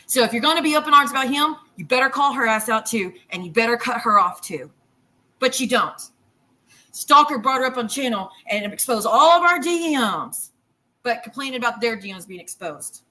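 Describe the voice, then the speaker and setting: A woman's voice: fairly high pitch, lively intonation, moderate pace, pushed and bright, rough recording. Heated, cursing woman ranting on stream. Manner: heated, profane, rambling and repetitive. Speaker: livestreamer. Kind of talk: angry livestream rant. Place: home kitchen while cooking.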